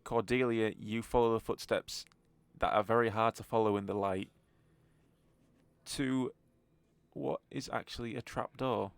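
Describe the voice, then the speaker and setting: A man running a tabletop game as game master, with relaxed fillers and chuckles. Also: lowish voice, measured pace, long pauses, smooth, no room sound.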